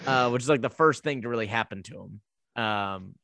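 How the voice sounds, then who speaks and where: A man casually recapping a horror movie plot as a podcast co-host, telling it with lively asides. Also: medium pitch, brisk, vocal fry, no echo, clean studio sound.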